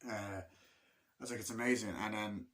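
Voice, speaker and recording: A man talks through a film he loves in a loose, rambling monologue, peppered with swearing and "like". His voice is bright and forceful, pitched a little low. He jumps between thoughts with lots of restarts. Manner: rambling and excitable, swears often, many fillers like "like"; acts out movie lines in quick put-on voices. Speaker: film reviewer. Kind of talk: casual rambling film review.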